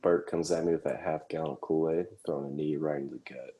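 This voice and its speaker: A man's voice: rumbling low, steady tone, quick pace, lo-fi sound. A man co-hosting a podcast, trading crude jokes in casual chat. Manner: joking, crude banter. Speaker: podcast co-host.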